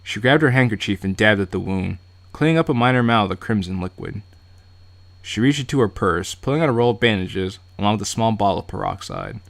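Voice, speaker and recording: Low-voiced male streamer reading aloud. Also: lively intonation, brisk, vocal fry. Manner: reads narration aloud and breaks off for joking asides. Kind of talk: casual live-stream read-through.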